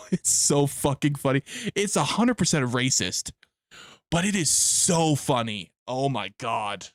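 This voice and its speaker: A man's voice: medium pitch, lively intonation, a little slow, dry recording, clean studio sound. Rambling, profane young man streaming. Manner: rambling, profane, laughs a lot. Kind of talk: casual live-stream chat.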